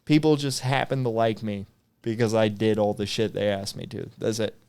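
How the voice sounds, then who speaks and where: Laughing frequently, a twenty-something ex-Marine shares funny stories as a podcast guest. He speaks at normal speed in a lowish, clear, resonant voice that is a little mellow, with fairly even intonation.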